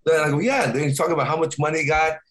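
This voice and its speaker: A middle-aged man co-hosting a podcast, telling stories in casual chat with many restarts and halting repeats. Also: fairly high pitch, level tone, fairly bright tone. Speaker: podcast co-host.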